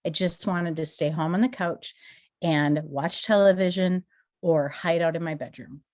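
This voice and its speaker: A woman in her forties from Minnesota, giving an earnest, emotional testimony as a guest speaker and rising into excited rhetorical questions. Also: fairly low pitch, unhurried. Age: 40s. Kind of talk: motivational company testimony.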